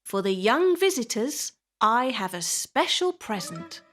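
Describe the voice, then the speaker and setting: Ceremonious castle guard in a storybook cartoon, grand and welcoming, raised and lively; a woman voices him. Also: on the high side, a little slow, soft background music, full character voice. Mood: proclaiming. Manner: proclaiming, ceremonious.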